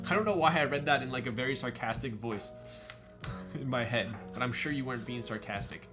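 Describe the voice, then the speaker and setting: A man's voice: mid-range voice, brisk, over music. A young man casually chatting on a live stream while building a keyboard, joking around and reading viewer messages aloud. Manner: joking, reads chat aloud, teasing.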